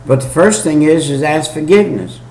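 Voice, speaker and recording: A man delivering a folksy, repetitive home-video sermon, reading scripture slowly and then explaining it in plain talk. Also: fairly high pitch, expressive, a little mellow. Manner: folksy, repetitive preaching with slow read-aloud scripture. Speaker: preacher. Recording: echoey room.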